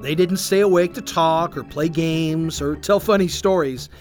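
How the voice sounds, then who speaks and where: A storyteller narrating a Bible story for children in an expressive, read-aloud manner. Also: mid-range voice, unhurried. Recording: faint background music.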